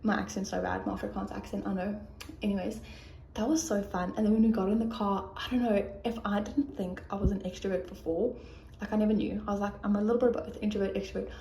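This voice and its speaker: A woman's voice: mid-range voice, steady tone, fast talker, vocal fry, mellow, slight background noise. A young woman in her twenties with a South African accent, chatting casually and cheerfully to her phone camera in a vlog, full of fillers and laughs. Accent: South African English. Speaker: vlogger. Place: in a car, then at home.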